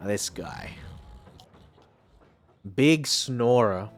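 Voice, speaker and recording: Relaxed, slow-talking male streamer. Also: mid-range voice, faint music behind. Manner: chatty, laughs often, self-mocking. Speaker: streamer playing a story game. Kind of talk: casual live-stream chat.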